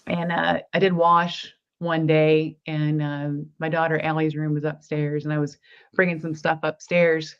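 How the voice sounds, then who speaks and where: A woman, a guest in an interview, telling a personal story earnestly and acting out the dialogue in it. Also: deep voice. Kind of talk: personal testimony in conversation. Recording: slightly dull lo-fi recording.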